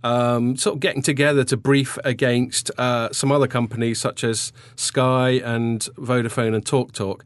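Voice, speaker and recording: A man's voice: mid-range voice, level tone, moderate pace, hardly any pauses, no echo. A man hosting a podcast, chatty and jokey, often trailing off mid-sentence. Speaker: podcast host. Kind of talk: casual chat.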